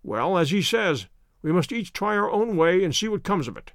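A man voicing a keen, brisk male detective, speaking in a crisp, earnest, measured way. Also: high-pitched, big pitch swings, no echo, clean studio sound. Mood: earnest, wary.

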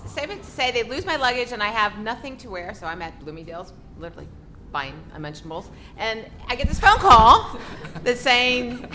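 A woman co-hosting a podcast, telling an excited, rambling story with lots of giggles and restarts. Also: medium pitch, slight background noise. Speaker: podcast co-host.

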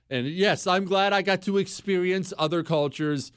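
A man's voice: sits high, normal speed, hardly any pauses, clear, resonant tone, dry recording. A middle-aged American man hosting a talk show, bantering and mock-boastful as he answers listener questions. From United States. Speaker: radio talk show host. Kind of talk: casual call-in advice chat.

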